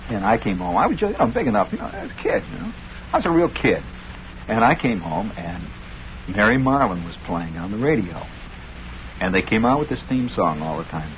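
A man's voice: lowish voice, sing-song, brisk. A middle-aged man hosting a radio show, telling a rambling story with wry, sardonic asides. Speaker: radio host. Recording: dull lo-fi old radio broadcast, faint hiss.

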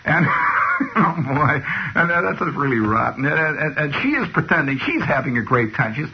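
A man's voice: a little high, big pitch swings, normal speed, a little hiss or hum. A man delivering a rambling comic radio monologue. He digresses constantly and keeps restarting with "you know". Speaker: radio host. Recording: dull lo-fi old radio recording.

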